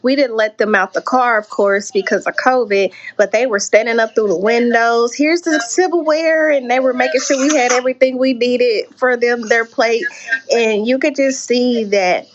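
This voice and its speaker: A woman's voice: a little high, steady tone, normal speed, lo-fi sound, slight background noise. A woman hosting a casual live-stream interview, chatty and encouraging, often restarting her sentences.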